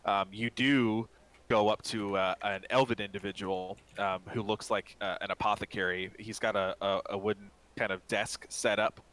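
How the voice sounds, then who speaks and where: A man with a low but bright, forward voice narrates a tabletop game scene as game master. He rambles casually, stacking fillers and restarts. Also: fairly even intonation, normal speed, rough recording.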